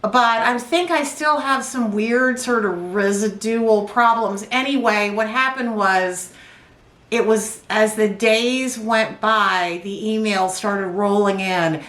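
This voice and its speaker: A woman knitting vlogger telling a rambling, animated story in casual chat on a couch. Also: mid-range voice, slow pace, roomy sound. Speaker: knitting vlogger, yarn dyer. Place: indoors, on a couch.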